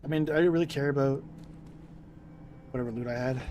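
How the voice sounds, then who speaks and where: A man's voice: medium pitch, brisk, a little mellow, muffled recording, a little hiss or hum. A man giving casual gameplay commentary, rambling and self-amused, easily sidetracked. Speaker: game streamer.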